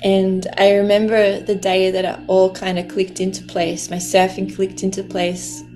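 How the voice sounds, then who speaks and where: A woman's voice: mid-range voice, completely flat delivery, normal speed, a little mellow. A woman telling a personal story in a heartfelt way, laughing often as she talks. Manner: heartfelt, laughs often, speaks of the ocean lovingly.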